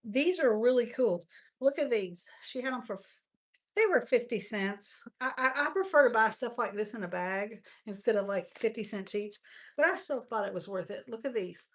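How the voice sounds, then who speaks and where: A woman's voice: fairly high pitch, lively intonation, normal speed. A woman with a Texan accent hosting a live crafting stream, chatting and rambling through stories as she shows her supplies. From Texas. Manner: chatty, rambling storyteller, says y'all. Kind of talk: casual crafting chat.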